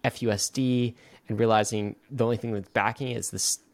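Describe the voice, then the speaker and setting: Animated man co-hosting a podcast. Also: lowish voice, no echo. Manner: animated, joking, quick bursts with restarts. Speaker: podcast co-host. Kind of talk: casual chat.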